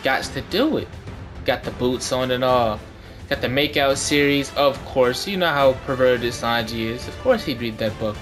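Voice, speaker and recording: A man giving goofy, hyped gameplay commentary that bursts into shouting. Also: medium pitch, normal speed. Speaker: gaming channel host. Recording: background music clearly audible.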